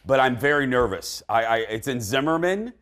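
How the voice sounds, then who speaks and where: Lively talk show host. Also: male voice, medium pitch, moderate pace. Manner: animated, chatty, self-deprecating.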